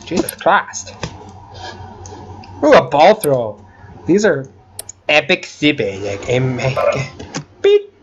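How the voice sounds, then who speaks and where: A young man giving casual gaming commentary, excitable, yelping, whooping and swearing often as he plays. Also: fairly high pitch, slow pace, long pauses, highs cut off, noisy background. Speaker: gaming channel host.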